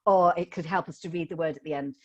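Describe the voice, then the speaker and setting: A woman's voice: sits low, quick pace, lo-fi sound. A middle-aged woman training teachers in phonics over a video call, upbeat, coaxing and playful. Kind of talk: live online teacher training.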